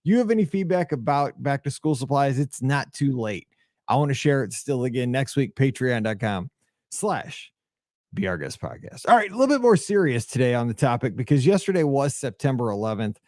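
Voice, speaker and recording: Speaking in a mid-range, slightly mellow voice, a forties-aged man from the American Midwest rambles alone on his podcast, chatty and sentimental about feedback and memories. The sound is clean, studio-grade, and free of echo.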